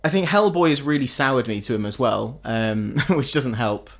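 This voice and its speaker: A man's voice: medium pitch, normal speed. Opinionated man chatting about films. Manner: opinionated, with frequent restarts and chuckles. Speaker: podcast co-host. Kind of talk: casual film review chat.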